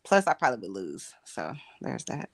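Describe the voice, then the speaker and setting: A woman hosting a live-streamed casual chat, talking in an expressive, teasing way. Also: very deep voice, moderate pace, creaky. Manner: animated, expressive, sings and teases. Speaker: host.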